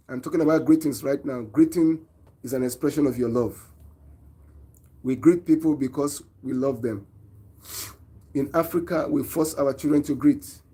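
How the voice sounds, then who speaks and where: Nigerian guy on his own show, mellow husky voice, preachy and earnest, keeps asking viewers what they think. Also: fairly high pitch, moderate pace. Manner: earnest, preachy, asks viewers rhetorical questions. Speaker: online show host. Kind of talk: opinion monologue to viewers.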